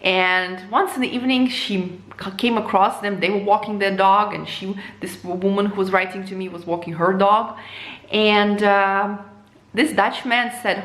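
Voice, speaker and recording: Woman vlogging her opinions, animated, loads of "you know", roomy echo. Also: moderate pace. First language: Russian. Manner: animated, with frequent jumps in pitch and many "you know" and "like" fillers. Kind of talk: casual opinion monologue. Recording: echoey room.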